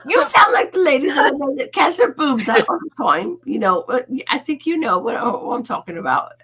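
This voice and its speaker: A woman's voice: sits high, very animated, brisk, a bit bright, breathy edge. A woman in a casual group chat who giggles and draws out her words. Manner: giggly, drawn out. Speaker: chat participant.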